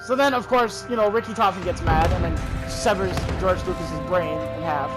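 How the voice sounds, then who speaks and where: A man's voice: sits high, moderate pace, rough recording. A young man jokingly retelling a game's storyline to friends, rambling with plenty of fillers. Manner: rambling, lots of fillers and restarts, jokey. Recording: loud music behind.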